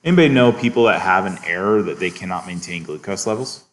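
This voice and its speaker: Low-voiced man lecturing a class. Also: fast talker. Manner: relaxed, checks in often with students; chuckles at his own asides. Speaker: biochemistry lecturer.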